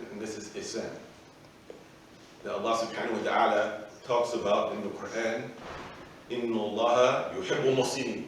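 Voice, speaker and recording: A man's voice: medium pitch, fairly bright tone. A man, an imam, giving an emphatic, explanatory religious lecture to a live audience and often checking in with "right?". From United States. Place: festival venue with an audience. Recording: very echoey room, voice from far off, faint noise.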